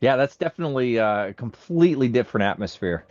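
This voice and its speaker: A man's voice: medium pitch, lively intonation, brisk, a little mellow, no echo. Male podcast host, easygoing reactions, muffled dry recording. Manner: easygoing, reacts with short affirmations. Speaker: interviewer host. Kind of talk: interview questions.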